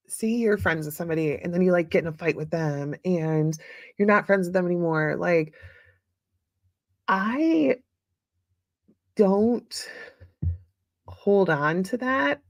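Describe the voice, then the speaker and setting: A middle-aged woman hosts her own podcast solo, talking casually and upbeat, laughing often, using lots of fillers and responding to listener comments. Her fairly low, fairly bright voice is studio quality with no room sound.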